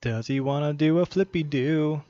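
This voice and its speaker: A man's voice: on the high side, moderate pace, warm tone. A man doing casual, joking play-by-play on a live poker stream. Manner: joking, chatty banter. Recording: dull lo-fi stream audio, faint noise.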